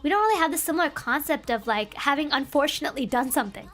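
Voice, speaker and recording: A woman with a high voice gives a casual streamed language lesson. She talks in a playful, rambling way, piling on fillers and quick asides. Soft music sits faintly behind her. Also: expressive. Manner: playful, chatty, rambling explanations with many fillers. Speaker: VTuber streamer teaching Japanese translation.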